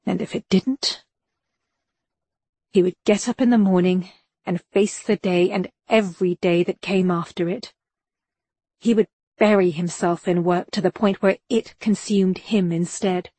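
A woman narrating a novel in an even, measured storytelling voice. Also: fairly low pitch, slightly rough, no room sound. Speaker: audiobook narrator. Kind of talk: scripted audiobook narration.

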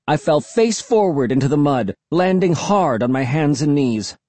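An audiobook narrator giving a dramatic, expressive first-person reading. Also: medium pitch, moderate pace, dry recording.

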